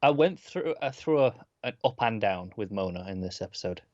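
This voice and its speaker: A man's voice: fairly low pitch, expressive, a little fast, a little mellow, no room sound, dull audio. Laid-back male podcast co-host. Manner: laid-back, short interjections, dry quips. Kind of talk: casual chat about TV episodes.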